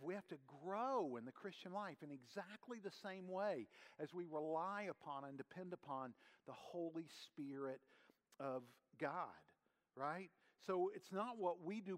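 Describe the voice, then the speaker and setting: A man preaching a sermon as pastor, earnest and conversational, with frequent fillers as he explains a Bible passage. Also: fairly high pitch.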